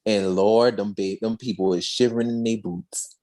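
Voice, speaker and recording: A young woman co-hosting a podcast, sassily retelling an episode and acting out the characters' lines in a slangy, expressive way. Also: a bass voice, moderate pace. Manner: sassy, expressive, slangy storyteller who jumps into character voices. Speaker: podcast co-host recapping an episode. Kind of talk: animated comedic recap with acted-out voices.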